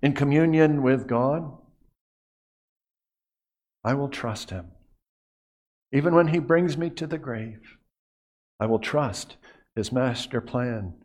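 An earnest male pastor delivering a sermon in a mid-pitched voice. He often sinks into a quiet, hushed delivery on key phrases and repeats words as he reaches for the next thought. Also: slow pace, long pauses.

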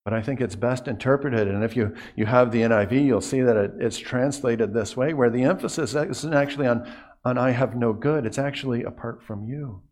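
Male pastor, mid-range voice, earnest sermon delivery with soft, hushed emphasis and frequent restarts. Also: mid-range voice, brisk. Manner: earnest, drops to a hush on key phrases, repeats words.

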